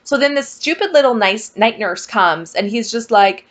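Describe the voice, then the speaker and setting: A woman telling a personal story to her viewers in a casual vlog, animated and exasperated. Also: a little high, normal speed. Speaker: vlogger.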